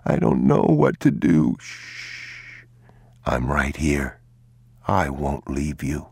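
A man voicing a desperate father who speaks to his son in a low, urgent whisper. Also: big pitch swings, slow, creaky, dark tone, slightly rough, no room sound, exaggerated voice.

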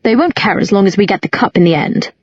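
A woman reading an audiobook, voicing a young man with a quick, dryly grim manner and a husky tone. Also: medium pitch, animated, dry recording, dull audio. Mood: wry.

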